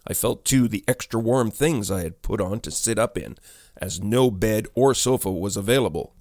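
A man reading a ghost story aloud as narrator, in measured, deliberate storytelling. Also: fairly low pitch, a little mellow, no room sound, studio quality.

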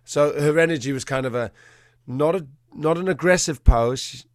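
A man, a dog trainer, telling a story in an animated way and acting out the quotes in a changing voice. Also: on the high side, normal speed, no room sound, studio quality. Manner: animated, acts out quotes in a shifting voice. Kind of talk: conversational storytelling.

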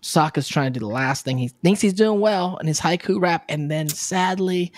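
A man co-hosting a podcast, a poet who tells stories in playful, animated casual chat. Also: fairly high pitch, moderate pace, no room sound, studio quality.

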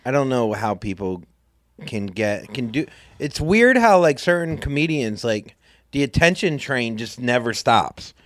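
A man co-hosting a podcast with a mid-range voice that swings widely in pitch. He jokes and trails off mid-sentence, recorded on a close, dry studio mic. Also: very animated, unhurried, dry recording. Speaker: podcast co-host. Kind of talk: casual chat.

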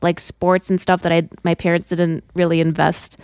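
A woman on a podcast talking in a reflective, measured way. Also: on the low side, level tone, a little mellow, clear, resonant tone, dry recording, clean studio sound. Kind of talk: casual chat.

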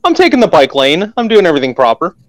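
A man's voice: a little high, huge pitch swings, fast, dry recording. A man from Canada, a guest telling a heated, profane story in casual chat.

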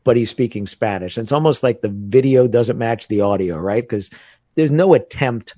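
An American man talking casually in an interview, telling animated stories about learning a language. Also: mid-range voice, moderate pace, no room sound. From United States. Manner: animated storytelling with laughs. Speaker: guest. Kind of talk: casual conversation.

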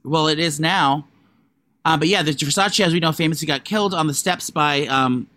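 A man co-hosting a podcast, chatting casually and rambling with many fillers and animated jumps. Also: normal speed, no echo. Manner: rambling, lots of likes and ums, animated jumps in pitch. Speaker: podcast co-host. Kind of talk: casual gossip chat.

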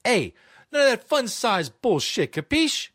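In a dry, clean studio recording, a man pitches his voice extremely high, well above his natural range, in an exaggerated, very animated, slightly bright delivery. Unhurried, he plays a brash, demanding New York mobster who pushes people around.

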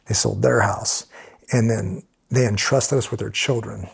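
Middle-aged male guest, ex-SEAL storyteller; gravelly, breathy tone, lively delivery with many restarts. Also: fairly low pitch, measured pace. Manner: animated storyteller, frequent restarts. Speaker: guest, former Navy SEAL. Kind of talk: casual storytelling interview.

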